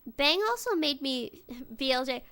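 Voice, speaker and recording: A young woman talks in a loose, rambling way, often cutting her sentences off and starting them again. She swears freely. Her voice sits high. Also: sing-song, measured pace, a bit bright. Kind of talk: casual chat.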